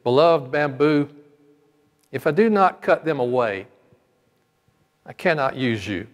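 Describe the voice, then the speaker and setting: Preacher doing a solemn garden master, slow and grave, lots of hall echo. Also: male voice, mid-range voice, lively intonation, lightly acted. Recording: long hall reverb.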